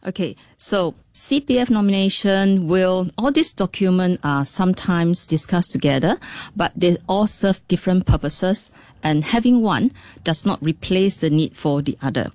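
A woman's voice: fairly low pitch, normal speed, a little mellow, no echo. A woman, a financial services director, explaining legal and money matters in an interview with frequent ums and okays. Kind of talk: radio interview answers.

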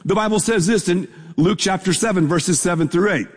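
A man preaching a sermon from the pulpit, his voice high and slightly husky. He keeps it casual and conversational, repeating key words and dropping in asides to the congregation. His voice carries a long reverb from the large church hall. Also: brisk. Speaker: pastor. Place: church sanctuary with screens.

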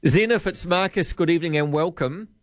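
A man's voice: a little high, brisk, dry recording. A man hosting a talkback radio show, rambling and joking as he thinks aloud at a studio microphone. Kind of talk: casual radio chat.

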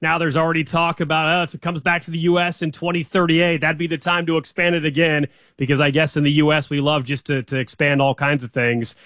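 A man co-hosting a sports chat, asking the guest questions in a brisk, easygoing way. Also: fairly high pitch, level tone, a bit bright, dry recording, studio quality. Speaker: sports show co-host.

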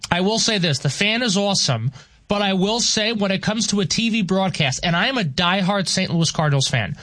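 A man's voice: high voice, lively intonation, fairly quick, a bit bright, dry recording. A man from New York co-hosting sports talk radio, arguing his point emphatically and repeating himself. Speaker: radio co-host.

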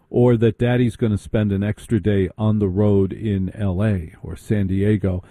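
A man telling a sarcastic, animated comic story in a stand-up style. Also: on the low side, normal speed, few pauses, no echo, studio quality. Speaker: comedic storyteller.

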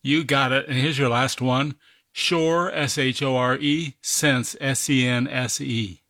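A man's voice: medium pitch, fairly even intonation, slow pace, a bit bright, no echo. A man hosting a radio word puzzle, spelling out each word letter by letter and encouraging the player. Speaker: puzzle master.

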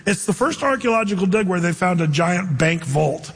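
A male pastor giving an animated sermon, asking his listeners questions and acting out quoted voices. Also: sits high, normal speed, husky, in a large hall.

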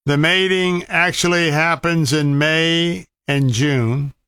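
Guy telling an outdoors story, folksy and emphatic, kinda high voice, dry close sound. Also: steady tone, slow, sharp tone, clear, resonant tone, no room sound. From Florida. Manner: folksy, emphatic warnings with repeated words. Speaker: outdoor storyteller giving wildlife safety advice. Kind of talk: casual storytelling monologue.

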